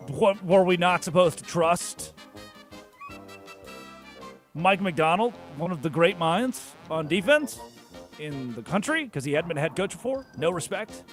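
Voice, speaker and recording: Brief: male sports radio host, high and lively voice, mocking rant that swings loud to hushed. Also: faint music behind. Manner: mocking, swings loud and soft, fast then slow.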